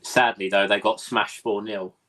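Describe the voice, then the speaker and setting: A man co-hosting a football podcast, giving opinions in a measured, chatty way. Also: lowish voice, little pitch movement, sharp tone, a little hiss or hum, poor audio. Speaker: podcast co-host. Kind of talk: casual chat.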